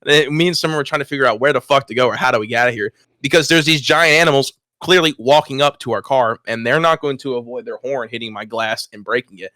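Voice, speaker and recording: A young man spinning a rowdy story on a podcast, his voice at an ordinary middle pitch. He swears freely and breaks into laughter as he goes. The sound is dry and close, with no room around it. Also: quick pace, few pauses, dry recording. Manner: animated, swears often, laughs mid-story. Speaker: podcast co-host. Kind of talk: casual storytelling chat.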